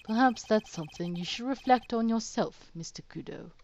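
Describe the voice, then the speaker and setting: A woman's voice: fairly high pitch, normal speed, a little mellow, muffled recording, slight background noise, pitched above the performer's own voice, natural voice. A woman voicing an earnest young male defense lawyer in a game, matter-of-fact, in her own voice. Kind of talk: let's play character voice.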